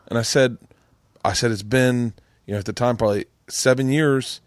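A man's voice: mid-range voice, a little fast, no room sound, clean studio sound. A man hosting a podcast, telling stories in casual chat, swearing often and acting out the people in them. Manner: profane, storytelling, does voices in quotes. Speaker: podcast host. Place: home studio room.

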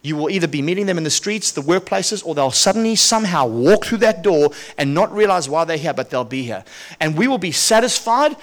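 A male pastor preaching a sermon, telling a personal testimony in a lively, chuckling way and often repeating himself. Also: fairly high pitch, a little fast.

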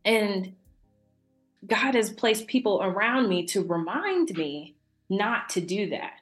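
A young adult woman, a podcast guest, talking casually and warmly about faith and laughing often. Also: mid-range voice, reverberant. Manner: warm, chatty, laughs often.

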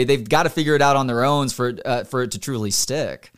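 A man in his thirties hosts a radio interview, his voice smooth and resonant. He asks long, earnest questions at a middle pitch. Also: fairly quick, fairly bright tone. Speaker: radio host.

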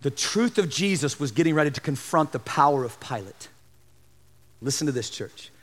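A man preaching a sermon as a pastor in a church, fervent, swinging between loud emphatic lines and hushed asides. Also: fairly high pitch, expressive, normal speed. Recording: long hall reverb.

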